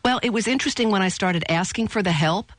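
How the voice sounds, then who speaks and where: A woman guest on a radio interview show, telling a personal story in a lively way and acting out the voices she quotes. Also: medium pitch, fast talker, no echo. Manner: animated storyteller, acts out quoted voices, laughs easily. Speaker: guest, business owner.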